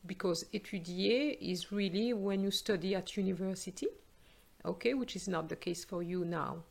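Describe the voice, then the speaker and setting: A French woman teaching a language lesson, modelling phrases, translating them, and announcing each question number clearly. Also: fairly low pitch, normal speed. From France. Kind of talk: slow explanatory language lesson.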